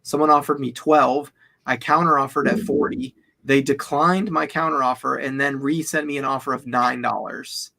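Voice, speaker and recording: Man co-host, gravelly, laid-back livestream chatter. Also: mid-range voice, steady tone, normal speed, bright, forceful tone. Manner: laid-back, talking while checking listings. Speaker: co-host of a live reselling stream. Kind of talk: casual livestream chat.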